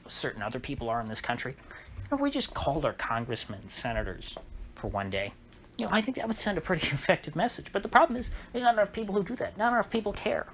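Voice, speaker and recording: A man hosting a solo political commentary monologue, talking in a halting way with frequent restarts and an indignant tone. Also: mid-range voice, a bit bright. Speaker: channel host. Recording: slightly dull recording with faint noise.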